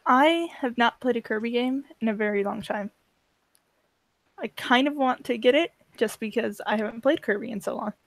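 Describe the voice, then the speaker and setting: A woman co-hosting a gaming podcast, chatting in a frank, relaxed way. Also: fairly high pitch, normal speed, dry recording. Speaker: podcast co-host. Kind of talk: casual chat.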